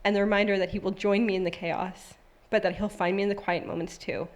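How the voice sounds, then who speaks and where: A woman's voice: mid-range voice, flat delivery, fast talker. A woman in her thirties at a church service, sharing a personal testimony in a conversational, heartfelt way and then reading scripture aloud. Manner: conversational and heartfelt, with many fillers.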